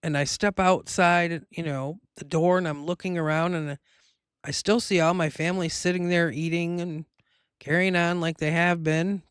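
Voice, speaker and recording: A woman's voice: fairly low pitch, steady tone, moderate pace, clean tone, dry recording, clean studio sound. A woman hosting her own show, telling a personal story in a rambling, emotional way with many fillers. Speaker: host.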